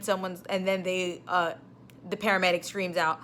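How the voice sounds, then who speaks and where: Speaking at normal speed in a voice on the low side, a young ER nurse with a New York accent vlogs casually about something that clearly exasperates her. Her storytelling is animated, building into bigger and bigger outbursts.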